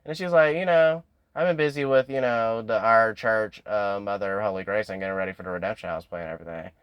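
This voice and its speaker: A man's voice: fast, clear, resonant tone, no room sound, lo-fi sound. Chatty young man recapping a show. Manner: chatty, animated, acts out characters' lines with raised pitch. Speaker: YouTube recap host. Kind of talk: casual TV episode recap.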